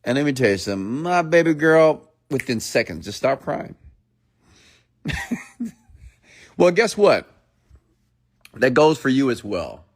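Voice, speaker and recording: A man's voice: medium pitch, sing-song, a little slow, pauses often. A middle-aged man giving a playful late-night motivational rant as a speaker, now and then mimicking people for effect.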